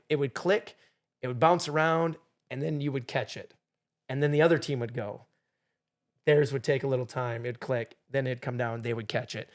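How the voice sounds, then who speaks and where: A middle-aged man telling a story as a podcast guest, animated, acting out what people said. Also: medium pitch. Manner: animated storyteller, acts out quotes loudly. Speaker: game show contestant guest.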